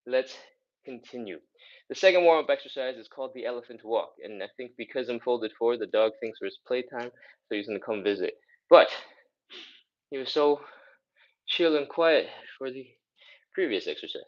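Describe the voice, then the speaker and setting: A man's voice: mid-range voice, normal speed, long pauses, highs cut off. A man coaching a live follow-along stretching workout, counting reps and out of breath as he exercises. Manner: counts reps aloud, casual and encouraging, sighing between moves. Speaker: fitness instructor.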